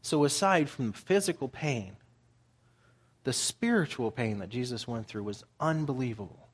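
A man's voice: mid-range voice, husky. A man preaching a sermon, reading scripture aloud and explaining it in plain, conversational terms.

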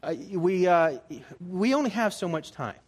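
A man in his forties giving a sermon as a pastor, talking in a conversational way and jumping higher for emphasis. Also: normal speed. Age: 40s. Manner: conversational, animated, jumps into higher pitch for emphasis.

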